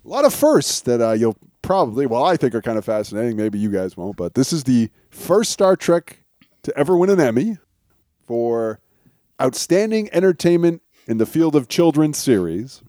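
A man co-hosting a casual podcast, relaxed as he shares trivia with small chuckles. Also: medium pitch, normal speed, no echo, clean studio sound. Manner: relaxed storytelling of show trivia, chuckles often. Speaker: podcast co-host.

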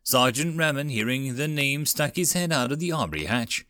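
A male narrator reading a web novel aloud, his voice sitting in a middle pitch. His pitch moves a great deal and the sound is dry and close. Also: lively intonation, normal speed, pushed and bright, no echo. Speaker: audiobook narrator.

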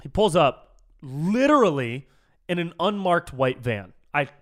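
A man hosting a solo podcast, telling a story in a casual, animated, jokey way. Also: a little high, unhurried. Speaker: podcast host.

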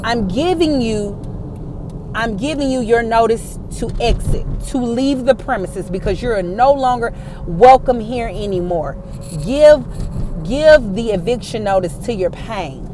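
A woman's voice: on the high side, expressive, measured pace, dark tone, slight background noise. A woman hosting a motivational faith talk for her viewers and listeners, speaking emphatically and repeating phrases to rally them. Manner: emphatic, repetitive, rallying the audience. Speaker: host addressing viewers and listeners.

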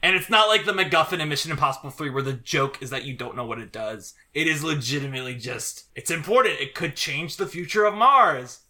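Podcast co-host, male, fairly high and very bright voice, animated, laughs often while chatting about a movie. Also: brisk, few pauses. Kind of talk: casual film discussion.

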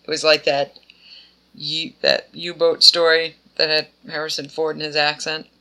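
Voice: mid-range voice, little pitch movement, normal speed, sharp tone. A podcast co-host in casual chat who rambles and slips into offhand character voices.

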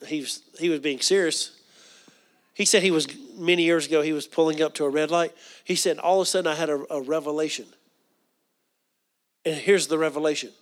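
A middle-aged man preaching a sermon. He often repeats words and asks the congregation questions. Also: a little high. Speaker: pastor.

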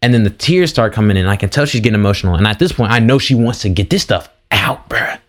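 A man's voice: lowish voice, lively intonation, quick pace. A young man hosting a podcast, casually retelling a personal story with slangy asides and frequent restarts. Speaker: podcast host.

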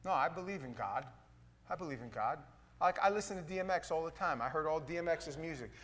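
A middle-aged man, a pastor, preaching a sermon in a folksy, playful way that swings from loud to hushed. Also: on the high side, expressive, fast.

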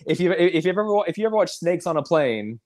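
A man co-hosting a casual podcast chat, laughing often and stumbling over words when he gets excited. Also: sits high, quick pace. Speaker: podcast co-host.

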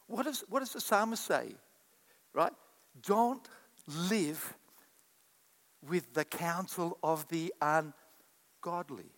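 A man's voice: sits high, takes it slowly, pauses often, fairly bright tone. A man preaching a sermon to a congregation, acting out quoted voices and calling back to the crowd. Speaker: pastor. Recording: echoey hall with long reverb.

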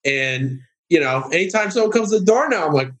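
Animated man telling a story. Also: brisk. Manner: animated storyteller, mimics others in high voices. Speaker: guest. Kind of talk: casual podcast storytelling.

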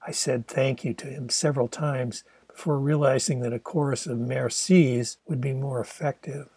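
An older man narrating his own autobiographical novel as a steady, reflective audiobook reading. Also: mid-range voice, normal speed, slightly rough, no echo.

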